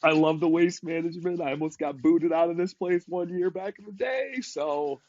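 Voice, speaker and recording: A man co-hosting a casual golf podcast while sick with a cold, talking haltingly with fillers and restarts. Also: a little high, a little mellow, highs cut off. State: congested from a cold. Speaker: podcast co-host. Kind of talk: casual chat.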